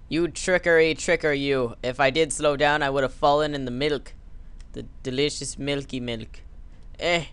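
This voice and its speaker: A let's play commentator gives goofy, jokey casual commentary while gaming, occasionally acting out a scolding dad. His voice is medium-pitched, smooth, pushed and bright, at a measured pace, with no room sound.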